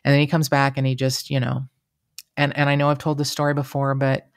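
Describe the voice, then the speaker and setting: A true-crime podcast co-host, this woman talks briskly in a rumbling low voice, chatty and emotional, mimicking what people said with lively voices. The casual show is recorded in a podcast room at studio quality, with no room sound.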